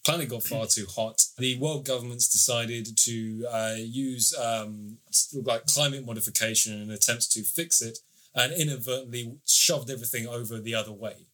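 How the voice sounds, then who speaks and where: A man's voice: mid-range voice, steady tone, normal speed, sharp tone. A man co-hosting a podcast, casually summarizing and reviewing a TV series at length, with the odd swear. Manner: chatty, swears casually, long plot summaries.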